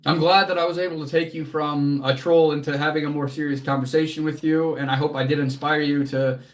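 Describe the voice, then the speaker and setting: A man with a voice on the high side hosts a casual livestream as a fitness coach, answering chat earnestly and motivationally. He swears casually and sounds close to tears.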